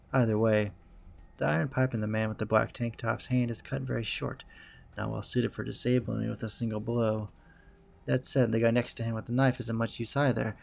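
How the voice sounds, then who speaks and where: A man's voice: mid-range voice, vocal fry, darkish tone. A man hosting a let's play, reading a visual novel's narration aloud in a dry, wry manner.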